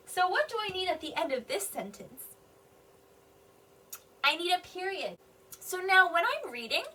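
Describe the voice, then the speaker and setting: A woman teaching a kindergarten reading lesson, slowly and patiently sounding out words for young children in an encouraging way. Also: sits high, pushed and bright, recorded from a distance. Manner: slow, exaggerated sounding out of words.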